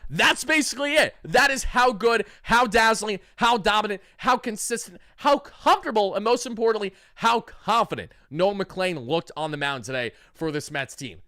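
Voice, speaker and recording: A brash, trash-talking young man giving hyped fan reaction commentary. His voice sits very high for a man and sounds bright and forceful. The recording is dry and close, with no room sound. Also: no room sound. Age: young adult. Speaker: sports channel host.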